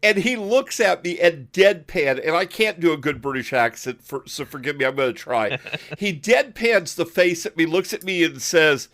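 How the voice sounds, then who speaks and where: A man hosting an online podcast, telling stories in a casual, animated way with frequent laughs and quick asides over a voice call. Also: on the high side. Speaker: podcast host. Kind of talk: casual storytelling chat.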